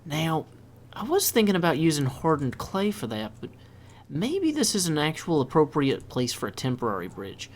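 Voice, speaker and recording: A man's voice: fairly high pitch, wildly swooping pitch, normal speed. A man hosting a video game let's play, chatting casually and thinking aloud as he builds. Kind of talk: casual gameplay commentary.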